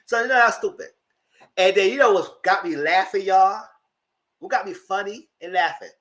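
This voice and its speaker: A man recaps reality TV in a loose, chatty way, dishing on the cast like gossip with friends. His voice sits high and bright, with a sharp edge. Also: normal speed. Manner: gossipy and dramatic, talks to the audience as "girl". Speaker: TV recap vlogger. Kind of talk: casual reality-TV recap commentary.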